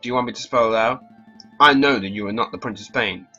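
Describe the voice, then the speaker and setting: A man's voice: on the low side, quick pace, sharp tone, husky, highs cut off, soft background music. A man voicing a confident male falcon defense attorney who speaks in a clipped, firm way, in a game. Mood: stern. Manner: clipped, firm, bluffing legalese.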